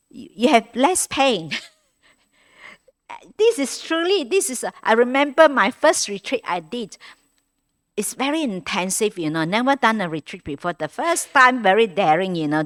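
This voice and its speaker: A woman's voice: on the high side, a bit bright. A woman teaching at a meditation retreat in a conversational Dharma talk, with frequent restarts, repeated words and non-native English grammar.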